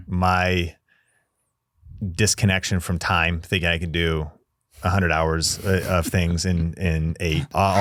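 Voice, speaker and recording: A man's voice: low-pitched, fairly bright tone, no echo, clean studio sound. A man hosting a podcast interview, speaking reflectively and offering brief agreeing replies. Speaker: podcast host. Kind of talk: interview conversation.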